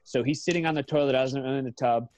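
A man in his thirties talks casually as a podcast guest, swearing freely and correcting his own numbers as he goes. His voice sits at a middle pitch. The sound is dry and close, with little room around it. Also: fairly even intonation, fast, darkish tone, no room sound. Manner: profane, rambling, corrects himself often. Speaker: guest, MMA fighter.

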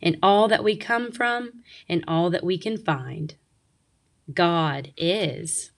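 A woman voicing a wise ancient female turtle in a storybook reading, speaking slowly and gently. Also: fairly low pitch, vocal fry. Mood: solemn.

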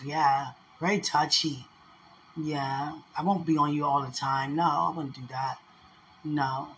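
A woman's voice: low-pitched, fairly bright tone, a little hiss or hum. A woman in an emotional casual talk to her partner, effusive and prayerful, repeating her words.

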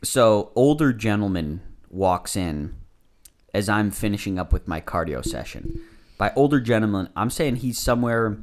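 Podcast guy telling stories, voice jumps around a lot, lowish. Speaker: podcast co-host. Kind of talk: casual chat.

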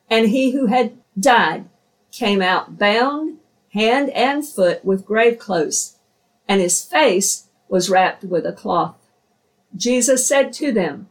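A woman reads scripture aloud, slow and measured, with no rush in her delivery. Her voice is set back from the microphone, so it sounds somewhat distant. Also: fairly high pitch, lively intonation. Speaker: scripture reader. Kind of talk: scripture reading.

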